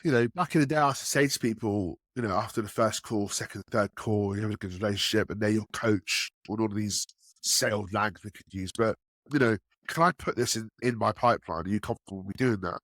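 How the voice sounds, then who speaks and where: Animated male sales guest on a podcast. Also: quick pace, dry recording, clean studio sound. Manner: animated, acts out quotes with raised pitch. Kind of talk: casual podcast storytelling.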